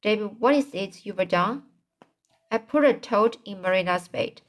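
A woman's voice: medium pitch, measured pace, lightly acted. Woman reading a sheepish, naughty small boy. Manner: pleading, confiding storybook child.

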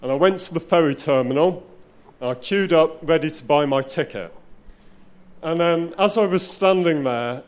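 Wry self-mocking male storyteller. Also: on the high side. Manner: self-deprecating, wry, halting with frequent restarts. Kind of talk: live spoken-word storytelling.

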